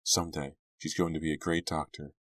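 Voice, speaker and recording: A man with a low voice reading an audiobook, voicing a teenage girl who is cold and irritable in the front seat. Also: flat delivery, brisk, dry recording. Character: sharp-tongued teen girl, cold, cranky.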